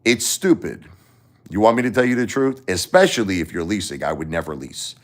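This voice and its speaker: A middle-aged man with a Brooklyn accent chats on a casual livestream in a very low, deep voice. He rambles bluntly from one story to the next and swears freely. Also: lively intonation, brisk. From Brooklyn, New York. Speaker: livestream host and musician.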